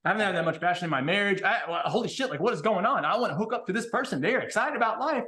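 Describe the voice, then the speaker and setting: Fast-talking high-voiced blunt man. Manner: blunt, swears freely, animated storytelling. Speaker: podcast guest. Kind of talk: casual podcast conversation.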